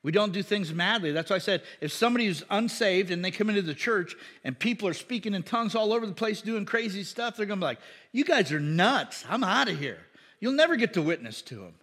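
A man's voice: high voice, lively intonation, fast, few pauses, fairly bright tone. A man preaching a conversational sermon, with many fillers, asides and repetitions. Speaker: pastor. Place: church hall. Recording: long hall reverb.

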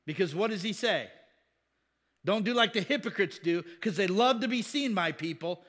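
Pastor guy talking scripture, kinda high voice, chatty, keeps asking questions and laughing. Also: lively intonation, moderate pace, a bit bright. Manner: conversational, rhetorical questions, chuckles. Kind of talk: casual Bible teaching.

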